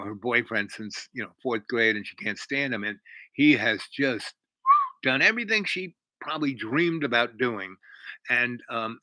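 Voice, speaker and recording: A man's voice: mid-range voice, bright, forceful tone, no echo, low-quality recording. A man casually retelling a story, rambling with many fillers and restarts. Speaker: host.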